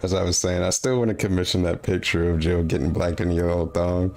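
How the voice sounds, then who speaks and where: Deep, gravelly joking man. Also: little pitch movement, a little fast, darkish tone. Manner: joking, crude, laid-back. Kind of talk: casual chat.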